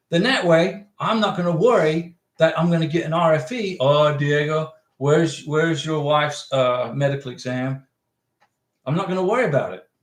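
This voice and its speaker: A man's voice: on the high side, roomy sound. A man hosting a casual livestream, chatting folksily, reading viewer messages aloud and giving direct advice.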